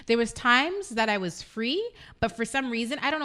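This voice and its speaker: A young adult woman co-hosting an internet radio talk show, telling a story in a casual, animated way and acting out the voices of the people in it. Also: on the high side. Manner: fast-talking, animated, acts out quoted voices.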